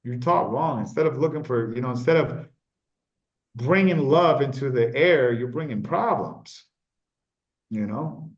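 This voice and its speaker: A man's voice: medium pitch, lively intonation, measured pace. A man speaking as a business mentor guest in a casual interview, emphatic and repetitive, often tossing in "man". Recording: echoey, dull lo-fi sound.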